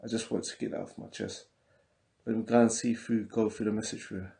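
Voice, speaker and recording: A podcast host from England with a London accent runs a casual livestream, chatting loosely and reading out viewer comments. His voice is fairly low, level, fairly quick, creaky, and dark, and his talk is chatty and repetitive, full of loose street slang.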